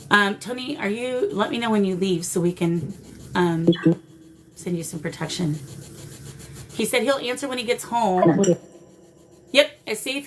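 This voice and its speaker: Woman running a live ghost session, coaxing and warm, kinda emotional, faint hiss behind her. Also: mid-range voice. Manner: warm, coaxing, talks to spirits and viewers. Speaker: paranormal livestream host. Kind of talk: live spirit-box session with chat.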